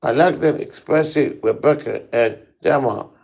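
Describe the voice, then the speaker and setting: A man reading a first-person spooky story aloud in a halting way, with small slips and restarts. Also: medium pitch, gravelly, darkish tone, poor audio.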